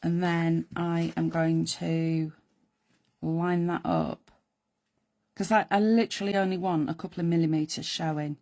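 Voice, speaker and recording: A woman with a croaky voice hosting a live card-making demonstration, chatting in rambling asides to her viewers. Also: on the low side, fairly even intonation, unhurried, dark tone. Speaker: crafting host.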